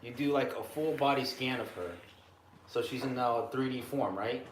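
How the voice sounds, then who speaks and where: Man, casual podcast chat, swears a lot, lively storyteller, roomy sound, light background hiss. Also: medium pitch, normal speed. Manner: profane, animated storyteller. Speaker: podcast co-host. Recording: echoey room with faint noise.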